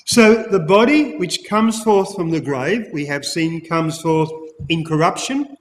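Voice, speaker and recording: A man preaching an expository sermon, emphatic, repeating key phrases and addressing his listeners as ladies and gentlemen. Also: fairly high pitch, lively intonation, a little slow, slight background noise. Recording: long hall reverb.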